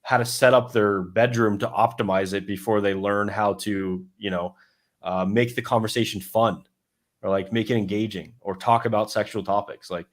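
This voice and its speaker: A man's voice: fairly low pitch, steady tone, normal speed. A man talking loosely through his coaching method as a dating coach, with lots of fillers and restarts, acting out his own thoughts as quotes. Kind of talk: casual explanatory talk.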